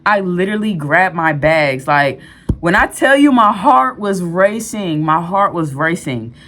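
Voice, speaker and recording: Woman doing a storytime vlog, kinda low voice, rambly and real, lots of um and like. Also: animated, unhurried, fairly bright tone, slight background noise. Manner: candid, rambling, with restarts and fillers. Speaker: storyteller vlogger.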